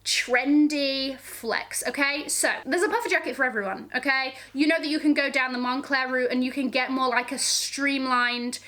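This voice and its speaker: A woman's voice: sits high, fairly even intonation, normal speed, hardly any pauses, pushed and bright. A woman vlogging about fashion, sassy and gushing, full of slang and frequent "okay?" check-ins. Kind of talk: casual to-camera fashion chat.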